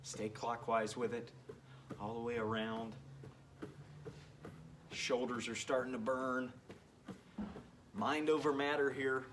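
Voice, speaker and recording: A man's voice: mid-range voice, a bit bright, recorded from a distance, slight background noise. A man leading a workout as a PE coach, upbeat and encouraging, joking as he goes, sometimes a bit out of breath. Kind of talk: home workout instruction.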